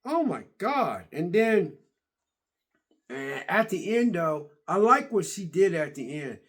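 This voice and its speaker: Rambling, excitable man with a higher voice. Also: takes it slowly. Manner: rambling, retells scenes with many restarts; excitable, laughs and exclaims. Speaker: vlogger reviewing a TV series. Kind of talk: casual rambling reaction chat.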